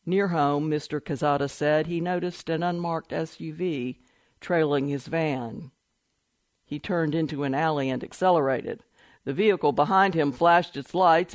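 Guy reading out a news story, kinda high voice, steady and even, dry close sound. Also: no room sound. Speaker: news article reader. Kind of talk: read-aloud news report.

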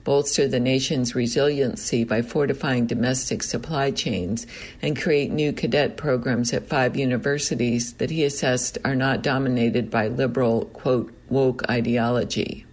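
A man reading a news report aloud in a steady, measured delivery. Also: medium pitch. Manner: steady, measured read with a self-correction. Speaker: news reader.

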